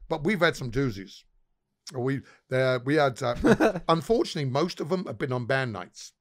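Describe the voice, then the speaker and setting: At a normal speed and a medium pitch, this man sounds animated as he swaps laughing, profane stories in relaxed conversation. He's a pub owner, there as a guest.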